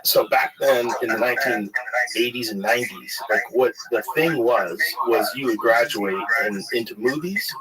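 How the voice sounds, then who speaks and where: A man's voice: medium pitch, moderate pace, over a noisy crowd, low-quality recording. A man, a stand-up comedian and host, telling stories in a loose, casual chat, full of fillers and the odd swear. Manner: rambling, filler-heavy, swears freely.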